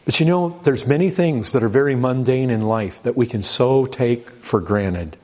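Reading scripture aloud and building urgency, a middle-aged man delivers a conversational sermon, tripping over restarts and repeated words. He's a pastor with a dark, medium-pitched voice speaking at normal speed.

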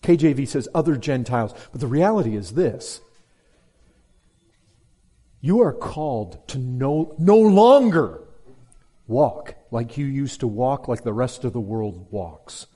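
A man preaching an expository sermon to a congregation, emphatic and direct, repeating key words and dropping low and slow for stress. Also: lively intonation. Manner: emphatic, swings between loud stress and low slow drops. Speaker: pastor.

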